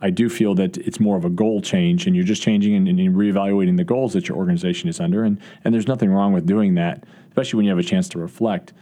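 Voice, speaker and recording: Fast-talking low-voiced coach. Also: male voice, steady tone, dark tone. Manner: quick, earnest talk with restarts and fillers. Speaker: college football coach. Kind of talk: podcast interview.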